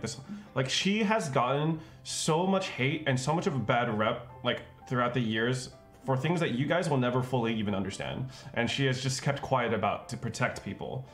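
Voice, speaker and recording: A man talking earnestly on a livestream, rambling with lots of fillers. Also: mid-range voice. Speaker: streamer. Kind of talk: casual stream chat.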